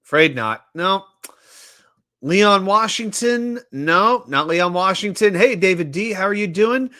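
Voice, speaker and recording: Lively animated sports talk host. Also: male voice, sits high, unhurried. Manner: animated, reads viewer chat aloud and jokes. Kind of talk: casual live-stream chat running trivia.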